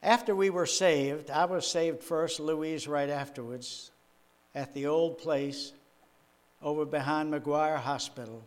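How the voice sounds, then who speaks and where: A man's voice: a little high, steady tone, takes it slowly. An older man, a minister preaching a sermon in a folksy, chuckling, storytelling way. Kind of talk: sermon with personal stories.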